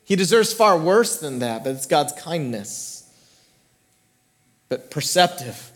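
A middle-aged man, a pastor, preaching a sermon earnestly, his voice climbing in emphatic peaks and then dropping to slow, hushed lines. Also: fairly high pitch, sing-song. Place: church sanctuary.

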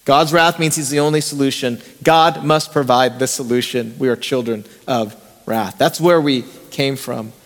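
A man's voice: mid-range voice, moderate pace. A man preaching a conversational sermon as pastor, often asking the congregation rhetorical questions. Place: church sanctuary. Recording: long reverb in a church hall.

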